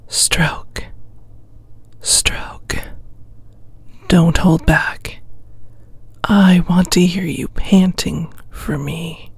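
Woman, whispered role-play ASMR; breathy hush throughout, unhurried commanding delivery. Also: lowish voice. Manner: slow, commanding, coaxing whisper. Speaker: ASMR performer.

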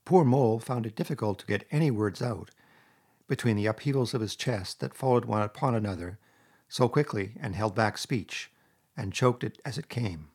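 A man narrating a classic storybook in a measured, expressive reading. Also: lowish voice, breathy edge. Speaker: audiobook narrator.

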